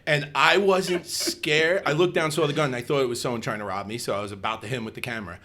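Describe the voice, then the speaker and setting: A man in his fifties telling stories in a casual chat, animated and swearing, laughing often. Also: medium pitch, quick pace. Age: 50s. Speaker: guest.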